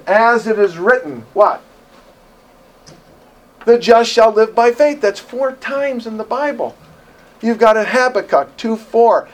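A man preaching a sermon in a church, impassioned and emphatic, swinging from loud declarations to quiet, drawn-out lines. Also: sits high.

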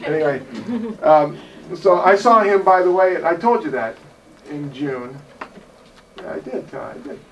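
A male evangelist preaching in a rambling, folksy way, his voice slightly high for a man. He is heard from across a hall, a little far from the mic, with faint background noise. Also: lively intonation, a little slow, long pauses, highs cut off. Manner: folksy, digressive, joking. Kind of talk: sermon.

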